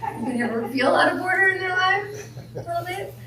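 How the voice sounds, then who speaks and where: A woman's voice: very high voice, animated, quick pace, background noise. A woman minister giving a playful sermon with jokes, often asking the congregation questions. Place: church hall. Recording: echoey hall from a distance.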